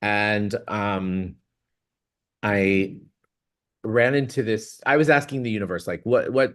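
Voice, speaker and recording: On his own show, a man with a fairly low, unhurried voice rambles casually through a personal story. Laughing often, the vlog host acts out other people's words as he goes.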